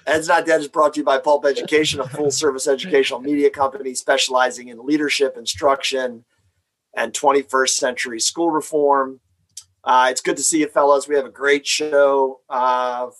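A man's voice: mid-range voice, rough recording. Chatty male podcast host. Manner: relaxed, chatty, reads sponsor copy quickly. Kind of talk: casual podcast chat.

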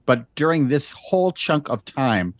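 A man's voice: mid-range voice, big pitch swings, measured pace, dry recording, studio quality. A man in a casual chat, joking and riffing. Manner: joking, repeats words for laughs.

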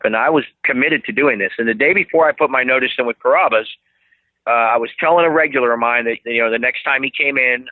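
A man's voice: medium pitch, no room sound. A man telling stories as an interview guest, rambling with many restarts. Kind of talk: casual interview storytelling. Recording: dry tinny phone-like line.

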